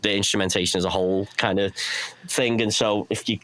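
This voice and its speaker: A man with a Runcorn Scouse accent and a fairly low voice, chatting as a guest on a podcast. He rambles, pokes fun at himself and restarts his sentences a lot. The sound is dry and close to the mic. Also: steady tone, brisk, fairly bright tone, no echo. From England. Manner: rambling, self-deprecating, restarts often. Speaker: guest, pedal maker. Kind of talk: casual podcast interview.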